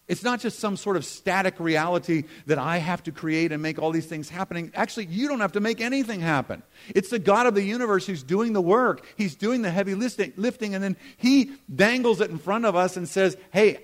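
A middle-aged man preaching a sermon in a conversational way, with humorous asides, moving between emphatic lines and hushed ones. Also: sits high. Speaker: pastor.

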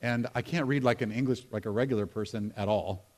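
A man's voice: lowish voice, brisk, darkish tone. A middle-aged American pastor preaching a humorous, conversational sermon to his congregation, with asides to the people in the pews. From United States. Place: church sanctuary.

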